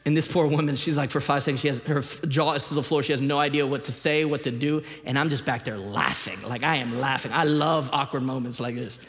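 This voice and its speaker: A man, his fairly high voice ringing out with a long hall reverb. He tells stories with lively energy, then drops to a hush before building back to loud emphasis. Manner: animated storytelling, jumps between hushed reading and loud emphasis. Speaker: pastor. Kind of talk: sermon. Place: church auditorium.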